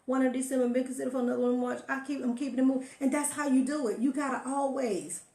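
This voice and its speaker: A woman's voice: high voice, steady tone, fast talker, warm tone, reverberant. A woman giving an emphatic motivational talk to her viewers, preaching and telling stories, calling listeners honey. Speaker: motivational live-stream host.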